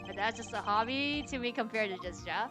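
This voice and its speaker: A woman's voice: fairly high pitch, brisk, natural voice. A woman voicing a cocky young male rock-star prosecutor who drops German words, read over game music. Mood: smug.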